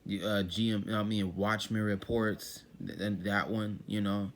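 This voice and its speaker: A man with a fairly low voice teaches scripture as casual talk. He reads a verse, then unpacks it in relaxed street slang and keeps checking in with his listeners. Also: a little slow, a little hiss or hum. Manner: loose and conversational, reading verses then explaining them in slang; often repeats "you know what I'm saying".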